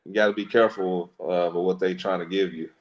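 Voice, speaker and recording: A man, a stand-up comedian, talking as a guest in a casual interview, relaxed and joking. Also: deep voice, a little fast, low-quality recording.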